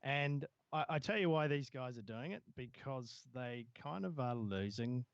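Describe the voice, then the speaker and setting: A man's voice: medium pitch, expressive, unhurried, no room sound, muffled recording. A man co-hosting a casual tech news podcast, rambling with many fillers and restarts. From Southern Hemisphere. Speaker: podcast co-host.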